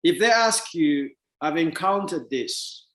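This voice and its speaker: Man, motivational speaker, emphatic storytelling, high lively voice, roomy echo, distant mic. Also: takes it slowly. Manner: emphatic, rising to near-shouts. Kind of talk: storytelling talk to an audience.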